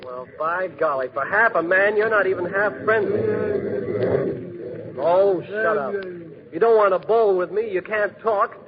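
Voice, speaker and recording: A man's voice: high-pitched, unhurried. An actor playing a fearless, cocky young man who jokes his way through everything, in 1940s radio acting style, with a breezy, slangy manner. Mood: joking. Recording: dull hissy old radio recording.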